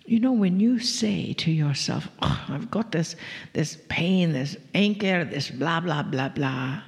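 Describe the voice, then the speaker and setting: A woman channeling a group of gentle, teasing spirit beings who speak as "we", in a slow, half-whispered spiritual talk to a live audience. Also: sits low, animated, heavily acted. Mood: serene. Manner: slow, drawn-out, half-whispered, playful chuckles. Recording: long reverb of a large hall.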